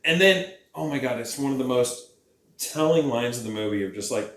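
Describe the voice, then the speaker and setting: A man's voice: mid-range voice, expressive, fairly quick, fairly bright tone, roomy sound, far from the mic. A man chatting casually with his girlfriend, rambling and swearing, breaking into mocking impressions. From Scottish heritage. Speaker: channel host. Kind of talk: casual chat.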